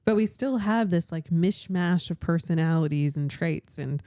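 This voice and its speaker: A woman's voice: fairly low pitch, moderate pace, dark tone, no room sound, clean studio sound. A young adult woman co-hosting a podcast with her sisters. She chats casually, jumping in often to tease and ask questions. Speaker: podcast co-host.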